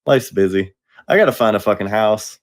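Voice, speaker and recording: A man's voice: lowish voice, a little fast. A young man co-hosting a casual podcast chat, laid-back, swearing freely and laughing often. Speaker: podcast co-host.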